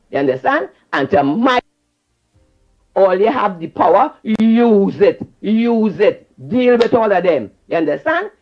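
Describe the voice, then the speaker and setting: A husky, mid-range voice comes through a dull lo-fi call-in line as a Trinidadian-accented caller rants with passion. The caller scolds hard and keeps repeating phrases.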